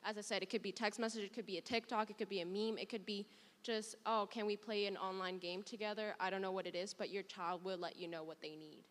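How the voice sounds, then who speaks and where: A woman's voice: mid-range voice, steady tone, fast talker. A young woman student from abroad, sharing a candid, emotional personal story on a panel. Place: performing arts hall. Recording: long reverb in a large hall.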